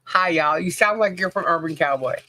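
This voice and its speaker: A woman's voice: lowish voice, fairly quick, bright, forceful tone, no echo. A woman co-hosting a casual livestream podcast, chatty, laughing often and greeting viewers by name. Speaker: podcast co-host.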